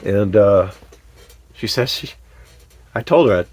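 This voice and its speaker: A man telling a personal story in a candid, animated way, with frequent fillers and sudden swear words. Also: lowish voice, slow pace, pauses often. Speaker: vlogger.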